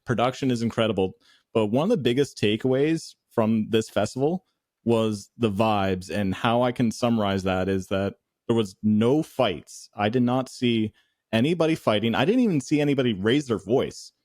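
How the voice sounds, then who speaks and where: Guy cohosting, laid back, mid pitch, dry close mic. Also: normal speed, a little mellow, no echo. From Toronto, Canada. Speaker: co-host. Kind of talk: casual chat.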